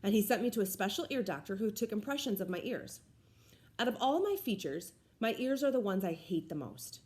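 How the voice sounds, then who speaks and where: Expressive woman reading a story aloud. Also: medium pitch, fairly quick. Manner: expressive first-person narration. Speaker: reader. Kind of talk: audiobook read-aloud.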